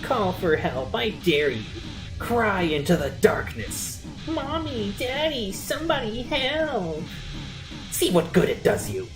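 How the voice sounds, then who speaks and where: A woman's voice: very animated, takes it slowly, reverberant, music in the background. A woman voicing a gloating, taunting evil male flower who calls himself a god. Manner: taunting, shrill and manic.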